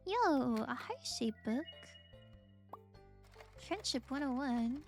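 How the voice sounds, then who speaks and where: Giggly, high-voiced woman streamer. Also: sing-song, extremely slow, a little mellow, faint music behind. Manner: playful, giggly, talks to chat. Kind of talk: casual live-stream chat while gaming.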